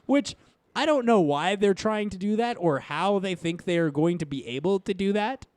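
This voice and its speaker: A young man co-hosting a casual movie review podcast, animated and swearing freely as he mocks scenes. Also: high voice, normal speed, no echo. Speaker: podcast co-host.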